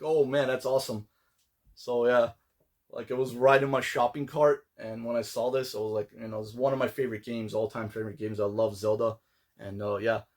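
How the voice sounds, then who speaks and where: A man talking casually about his latest collectible finds. His voice sits at an ordinary middle pitch. He rambles, restarting sentences and filling pauses with "uh" and "like". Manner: rambling, relaxed, many fillers and restarts. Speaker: collector vlogger. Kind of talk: casual pickups vlog.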